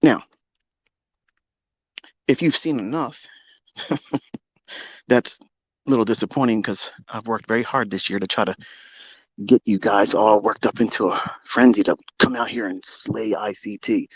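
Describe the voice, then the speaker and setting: A man hosting a live audio stream, delivering a heated, profane and boastful rant that swings between loud outbursts and low muttering. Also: unhurried, pauses often, breathy edge, no room sound. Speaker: trading educator and Twitter Space host.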